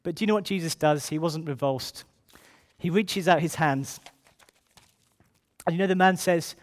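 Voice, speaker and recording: Male preacher, high voice, earnest, repeats key phrases, slow scripture reading, quick asides. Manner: reads scripture slowly, then speeds into asides. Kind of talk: sermon.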